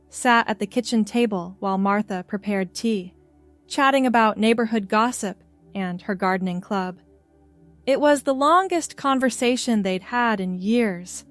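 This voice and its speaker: A woman narrating a written story in calm, measured scripted narration. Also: mid-range voice, no room sound. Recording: dry studio voice with faint music.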